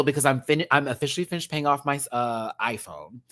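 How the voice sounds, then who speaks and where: A man, hosting a casual livestream from home, chatty and expressive, swearing freely and thanking viewers as he tells stories. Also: mid-range voice, brisk. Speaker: livestream host. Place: home, indoors.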